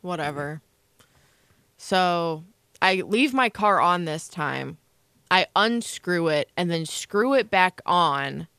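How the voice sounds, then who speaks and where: A woman's voice: lowish voice, animated, takes it slowly, bright, forceful tone, smooth, no room sound, clean studio sound. A young woman co-hosting a casual chat show, telling a long rambling story with lots of fillers. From Illinois, USA. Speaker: co-host.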